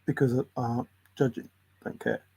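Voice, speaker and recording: A man's voice: mid-range voice, sing-song, measured pace, creaky, a little mellow, breathy edge. A man in a casual, rambling monologue, musing in a conspiratorial tone and often chuckling. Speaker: channel host.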